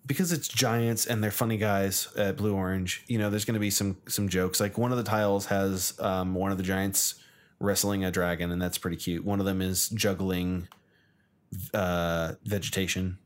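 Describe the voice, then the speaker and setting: A man from the United States, co-hosting a casual chat, chatty and quick to laugh. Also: sits low, steady tone. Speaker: co-host.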